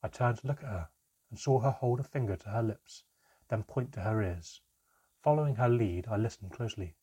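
A man narrating a storybook chapter in a steady, measured reading. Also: on the low side, slightly rough.

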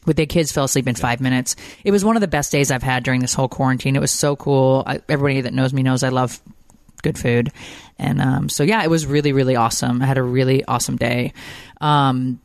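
A woman in her forties hosting a family podcast, telling stories animatedly and jumping high when she quotes her kids. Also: quick pace, creaky, no echo, studio quality. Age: 40s. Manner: animated storyteller, acts out quotes in high pitch. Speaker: podcast host. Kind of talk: casual family podcast chat.

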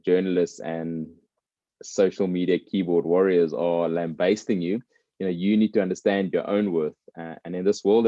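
Casting note: man with a very low, warm voice, reflective storyteller, dry muffled recording. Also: dry recording. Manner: thoughtful, tells stories with voiced characters. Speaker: former rugby player. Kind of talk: reflective conversation.

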